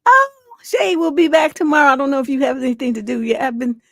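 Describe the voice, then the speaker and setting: A woman's voice: high-pitched, animated, fast talker, no echo, studio quality. Laughing woman hosting a live stream. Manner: laughs often, reacts loudly, quotes people in playful voices. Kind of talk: casual live stream chat.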